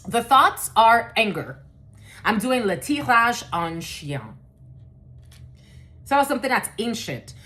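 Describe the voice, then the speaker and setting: Woman tarot reader, lively pitch, loose casual delivery with swearing and fillers. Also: slow, pauses often. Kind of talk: casual collective tarot reading.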